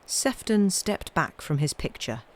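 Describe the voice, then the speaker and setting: A woman reading old ghost stories aloud on a live stream, chatting wryly between tales and trailing off softly at the ends of sentences. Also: lowish voice, very animated, measured pace. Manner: chatty, wry, trailing off quietly.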